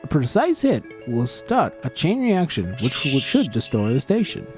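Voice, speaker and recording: A woman's voice: rumbling low, huge pitch swings, moderate pace, darkish tone, faint music behind, heavily acted. A woman reading a stern male rebel general's briefing at an amateur table read, in a plain reading voice.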